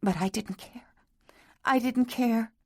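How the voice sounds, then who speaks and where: Woman reader doing a distraught young woman, high childlike wail, audiobook romance. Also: takes it slowly, darkish tone. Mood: sobbing confession.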